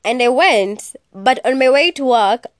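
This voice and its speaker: A woman's voice: sits high, expressive, unhurried, no room sound, studio quality. Sassy young woman podcasting. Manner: chatty and sassy, mixes in Swahili words, swears freely. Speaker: podcast host. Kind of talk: casual solo podcast chat.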